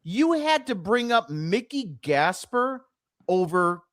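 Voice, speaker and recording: Lively, exasperated male sports podcaster. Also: sits high, takes it slowly, no echo. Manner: blunt, exasperated arguing. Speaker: podcast co-host.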